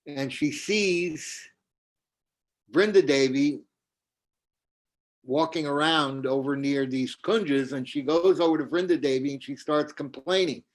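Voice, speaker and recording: A man's voice: fairly high pitch, a little slow, pauses often. A man, a spiritual teacher, telling a devotional story over a video call and acting out its characters. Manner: animated storytelling, acts out voices.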